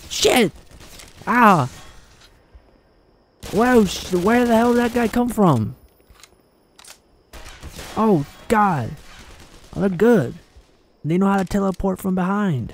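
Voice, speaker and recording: A man giving excitable let's play commentary, swearing often and taunting his enemies as he plays. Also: high-pitched, slight background noise. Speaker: gaming channel host.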